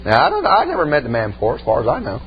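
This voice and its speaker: A man preaching a folksy storytelling sermon, emphatic and colloquial, building to shouted points, on a slightly muffled recording with a faint hum. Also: medium pitch, wildly swooping pitch, rapid-fire.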